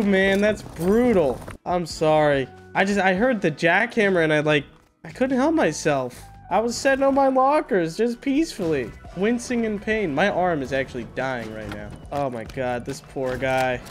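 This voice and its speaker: A man's voice: on the high side, expressive, normal speed, soft background music. Laid-back young man narrating gameplay. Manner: laid-back, joking, self-mocking. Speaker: gaming video host. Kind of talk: casual gameplay commentary.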